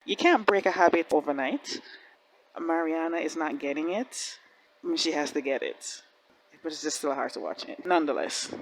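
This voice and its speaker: A woman hosting a reaction video, giving casual commentary in an excitable way, laughing often and talking back at the screen. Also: low-pitched, measured pace, long pauses, a little hiss or hum, rough recording.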